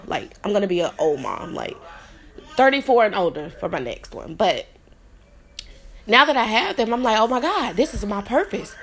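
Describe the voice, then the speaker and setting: A woman's voice: medium pitch, a bit bright. Woman in her 30s, podcast host, motivational solo talk, earnest, heartfelt, encouraging. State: tearful at times.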